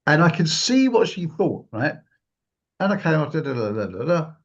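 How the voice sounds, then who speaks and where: A man with a husky, somewhat high voice tells a personal story, his pitch swinging widely as he acts out scenes. The recording is dull and lo-fi. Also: moderate pace. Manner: animated, acts out quotes in a raised voice. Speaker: guest speaker. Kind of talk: storytelling in a talk.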